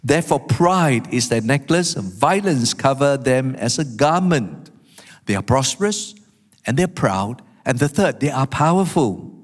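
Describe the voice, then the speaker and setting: A man preaching a sermon, animated, acting out the quotes he tells. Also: medium pitch, measured pace. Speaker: pastor. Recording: long hall reverb.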